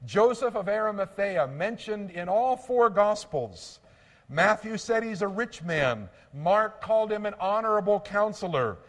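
A man preaching a sermon in an earnest, measured way, slowing down to stress key phrases. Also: high-pitched, big-room sound. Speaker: pastor.

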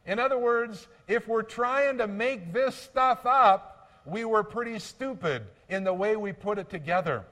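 A man preaching a sermon in an earnest, measured way, slowing down to stress key phrases. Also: high voice, fairly bright tone, in a large hall. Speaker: pastor.

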